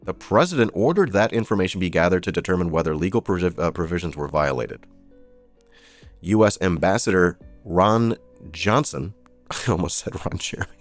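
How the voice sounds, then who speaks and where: A man's voice: low-pitched, expressive, quick pace, faint music behind. A man hosting a live stream of political news commentary, reading out headlines with sarcastic, profane asides. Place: streaming setup.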